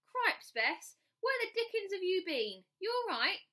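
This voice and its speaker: A woman's voice: on the high side, sing-song, brisk, sharp tone, voice pushed up, heavily acted. A woman voicing a flustered, exclaiming father worried about his runaway daughter, in a storybook reading. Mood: alarmed.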